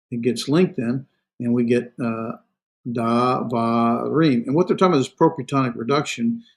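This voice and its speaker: A man teaching a seminary grammar class, speaking with many fillers and restarts and trailing off quietly on his asides. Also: mid-range voice. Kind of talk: classroom lecture.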